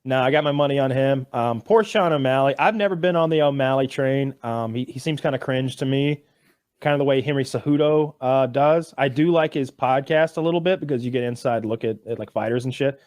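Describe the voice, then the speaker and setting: A man co-hosting a podcast in casual banter, rambling and profane, with animated storytelling full of restarts. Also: medium pitch, brisk, dry recording, studio quality. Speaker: podcast co-host.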